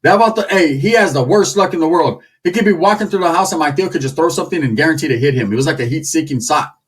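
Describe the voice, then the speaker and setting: Animated, husky-voiced male storyteller. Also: a little high, fast, distant mic. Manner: animated, crude, slang-heavy. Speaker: comedic storyteller. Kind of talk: comedic storytelling.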